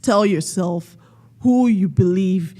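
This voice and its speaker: A woman giving a motivational talk at a community event, quizzing the audience and leading them in call-and-response with slow, emphatic stress on key words. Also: medium pitch, dark tone. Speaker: panel speaker.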